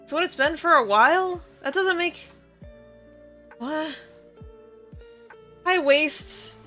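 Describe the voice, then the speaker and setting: A woman's voice: high voice, takes it slowly, sharp tone, soft background music. A woman live-streaming in casual chatter, rambling in bafflement and often breaking into laughter.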